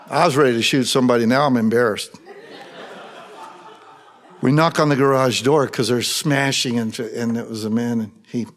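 A middle-aged man preaching a sermon, animated and humorous, mixing scripture with personal stories. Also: mid-range voice. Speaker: pastor. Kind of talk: sermon with storytelling.

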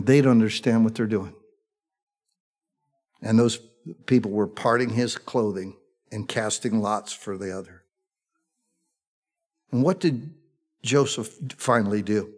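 A man's voice: lowish voice, measured pace, long pauses, darkish tone. A man preaching a sermon with fervor, throwing rhetorical questions to his listeners. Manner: fervent, rhetorical questions to the congregation.

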